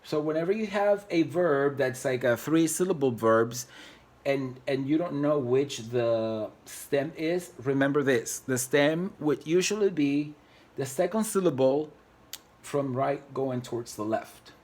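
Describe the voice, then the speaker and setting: A man's voice: medium pitch, a little mellow. A man teaching grammar at a whiteboard, patient and repetitive as he counts out syllables and conjugations. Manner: patient, repeats points and counts out syllables slowly. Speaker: Spanish teacher. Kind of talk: classroom-style video lesson at a whiteboard.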